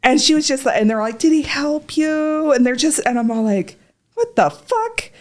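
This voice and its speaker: Speaking a little fast in a high voice, a woman recounts a long story in a casual chat. She is a podcast guest and patient, animated and profane, acting out what others said in their own voices.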